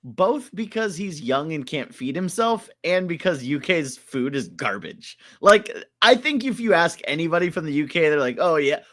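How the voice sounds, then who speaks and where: An animated young man in a loose podcast conversation, his voice swinging up and down as he jokes. He talks with a slightly higher pitch than most men, crude and quick to laugh. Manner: animated, joking, profane, quick bursts of laughter. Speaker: podcast co-host. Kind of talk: casual chat.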